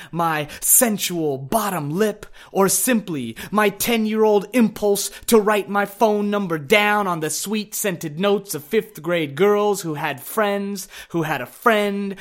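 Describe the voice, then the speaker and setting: Slow, wry spoken word storyteller, male. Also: high-pitched, fairly bright tone.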